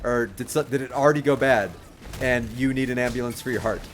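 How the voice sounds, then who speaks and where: During a game livestream, a young man casually gives dating advice to his chat, rambling in a friendly way with many restarts and chuckles. His mid-range voice moves a little fast, with slight hiss or hum in the audio.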